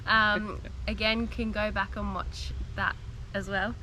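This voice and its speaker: A woman's voice: mid-range voice, flat delivery, slow pace, sharp tone, rough recording. A young Australian woman with a nasal, cold-stuffed voice, chatting casually to camera outdoors and laughing often. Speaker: vlogger. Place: outdoors beside a car, windy. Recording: faint outdoor wind noise.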